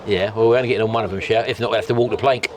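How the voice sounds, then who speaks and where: A man's voice: lowish voice, steady tone, racing, crowd noise. A man from England, chatting casually to camera with jokes and teasing while walking outdoors on a seafront. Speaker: travel vlogger.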